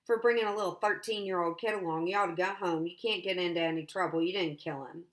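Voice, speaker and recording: A frightened, gentle teenage boy, read by a woman, talking in a quiet, shaky way. His voice sits fairly low and stays soft. It is a plain storybook reading. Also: fast talker, lightly acted. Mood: distraught.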